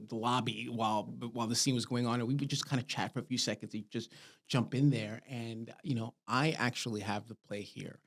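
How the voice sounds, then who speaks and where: A man in his thirties hosting a podcast, talking casually and rambling with lots of fillers and restarts. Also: medium pitch. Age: 30s. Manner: rambling, full of "like" and "you know", restarts often. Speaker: podcast host. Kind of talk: casual conversation.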